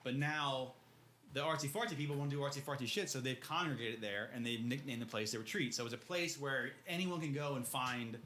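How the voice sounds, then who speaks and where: Bright-voiced man recapping casually. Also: medium pitch, brisk, slight background noise. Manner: loose, slangy retelling, acts out quotes. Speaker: podcast co-host. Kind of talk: casual book discussion.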